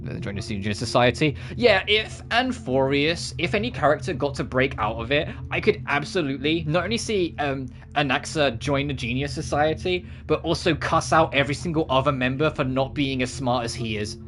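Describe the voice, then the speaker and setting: A man's voice: on the high side, animated, normal speed, few pauses, a bit bright. A man streaming games, chatting casually at the end of a session and wandering off on tangents. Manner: rambling, full of self-corrections and asides.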